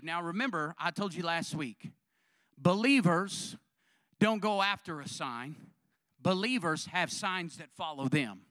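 A man, a pastor, preaching a sermon with animated storytelling and fervent calls to the congregation. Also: on the high side, a little slow, no room sound, studio quality.

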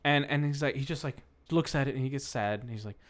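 A man in casual comedic chat, building absurd scenarios with growing excitement. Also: medium pitch, quick pace. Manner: animated, spins absurd tangents.

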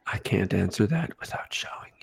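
Low raspy joking man. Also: lively intonation, normal speed, whispered. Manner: joking, teasing. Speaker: podcast panelist. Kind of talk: casual chat.

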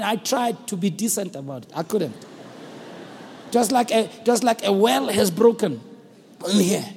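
South african pastor guy preaching, husky voice, big echoey church hall, gets loud and emphatic. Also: sits high. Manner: earnest, building to emphatic shouts. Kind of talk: sermon. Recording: long hall reverb.

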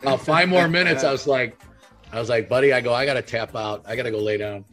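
A man's voice: medium pitch, fast talker, fairly bright tone. A middle-aged man in a loose podcast chat. He tells rambling stories, swears freely and leans on "you know" and "I was like". Faint music plays behind him. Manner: profane storytelling, lots of "I was like" and "you know". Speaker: podcast co-host. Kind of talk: casual chat.

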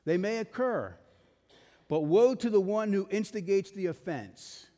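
A man's voice: sits high, lively intonation, measured pace, mellow, big-room sound. A male pastor preaching a sermon, emphatic, putting rhetorical questions to his congregation.

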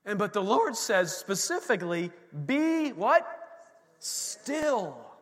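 High bright-voiced guy preaching in church, animated, long echo off the sanctuary. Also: slow. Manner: animated preaching, acts out quoted voices, calls out to the congregation. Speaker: pastor. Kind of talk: sermon.

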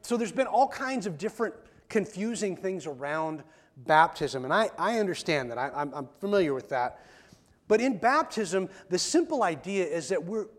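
High-voiced pastor, chatty sermon. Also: male voice, big pitch swings, normal speed. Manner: conversational, often repeats words when starting a sentence. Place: church.

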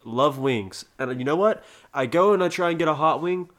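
A man's voice: fairly high pitch, lively intonation, moderate pace, a bit bright. A man guesting on a casual podcast, talking boisterously, defending himself and issuing bold challenges. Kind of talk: casual chat.

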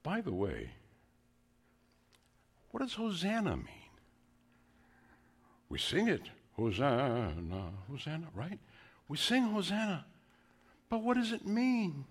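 A male pastor preaching in a slow, deliberate way with a lively, swinging pitch that sits a bit high. He acts out the quotes, dropping to a hush and then rising to a call. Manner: animated preaching, quotes scripture in hushed and raised voices. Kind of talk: sermon.

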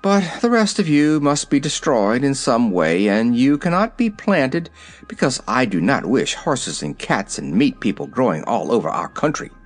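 A man's voice: medium pitch, very animated, normal speed, faint music behind. A man reading aloud, voicing a cold, haughty male vegetable prince in a formal, chilly way.

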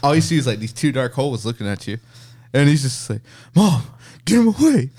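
A man's voice: mid-range voice, fast. A man co-hosting a podcast, telling stories in casual chat and laughing as he goes. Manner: lively, laughs through his stories. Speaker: podcast co-host.

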